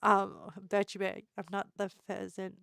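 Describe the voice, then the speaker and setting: A woman's voice: medium pitch, completely flat delivery, unhurried, vocal fry, fairly bright tone, smooth, no room sound, clean studio sound. A woman live streamer chatting casually with her viewers, giggling a lot and playfully teasing them.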